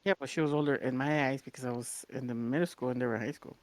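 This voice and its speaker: Animated woman telling stories. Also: a bass voice, very fast, no room sound. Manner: animated, acts out quoted voices, swears casually. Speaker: podcast co-host. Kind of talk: casual storytelling chat.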